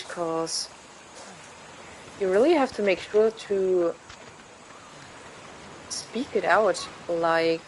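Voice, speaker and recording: A woman's voice: fairly low pitch, darkish tone, slight background noise, low-quality recording. A young woman streaming a game, chatting casually in English as a second language, rambling and searching for words as she corrects herself. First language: not English. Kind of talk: casual chat while gaming.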